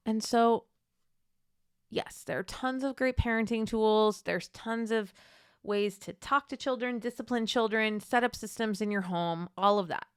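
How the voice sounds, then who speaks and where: A woman hosting a podcast, coaching mothers in an encouraging, gently reassuring teaching monologue. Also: on the high side, measured pace, clear, resonant tone, dry recording, clean studio sound. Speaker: podcast host and Catholic mom coach.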